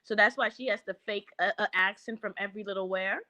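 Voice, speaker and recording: A woman's voice: mid-range voice, fairly quick, bright, forceful tone, no echo. A woman panelist in casual commentary with a blunt, teasing way of talking.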